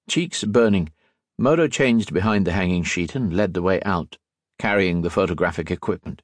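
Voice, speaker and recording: A man narrating an audiobook in an expressive storytelling manner. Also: low-pitched, moderate pace, dry recording. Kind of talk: scripted narration.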